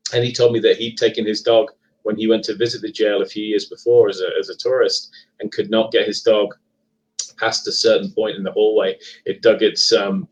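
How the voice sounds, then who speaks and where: A middle-aged man with a Leicester English accent that has drifted toward American. His voice sits fairly low, and he talks in a relaxed, rambling way, restarting phrases and filling pauses with ums. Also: rough recording. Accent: Leicester English, partly Americanized. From England. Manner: chatty, hesitant with frequent ums and restarts. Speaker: guest author and paranormal investigator. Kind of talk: casual live podcast chat.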